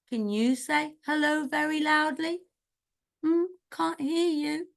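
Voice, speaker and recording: A woman leading an online teacher workshop over a video call, reading a children's story aloud and playfully acting out loud, busy, quick and whispered voices. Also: high-pitched, creaky. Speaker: teacher trainer.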